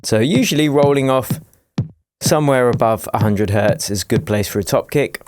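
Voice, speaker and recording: A man teaching music production in a screen-recorded tutorial, explaining each step in a relaxed, jokey way. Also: medium pitch, moderate pace. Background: faint dance music playing from his project.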